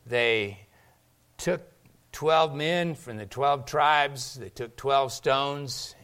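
A man delivers a morning sermon in an everyday middle-range voice. He keeps asking his congregation questions and waits for them to answer. When he reads scripture he slows down and lets each line land. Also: medium pitch, fairly bright tone. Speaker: pastor.

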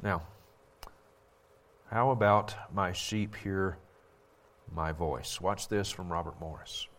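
Speaking slowly in a low voice, a man who teaches the Bible delivers pointed, preacher-style criticism. He presses hard, hammering his arguments through repetition.

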